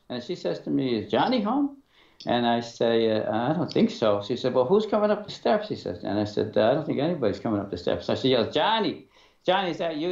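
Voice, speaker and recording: A middle-aged man, the guest in an interview, tells his story haltingly, with many fillers and restarts, and acts out the back-and-forth. His voice sits at an ordinary pitch. The sound is dull and roomy. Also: creaky, a little mellow. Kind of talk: telling a personal story in an interview.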